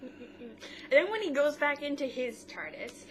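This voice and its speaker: A woman with a fairly high voice talks through a TV episode as she co-hosts a casual podcast. She quotes each line in turn and often stops to restart. A steady hiss of noise sits under her voice throughout. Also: measured pace. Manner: retells scenes quote by quote, with frequent restarts. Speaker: co-host of a mother-daughter podcast. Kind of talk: casual chat recapping a TV episode.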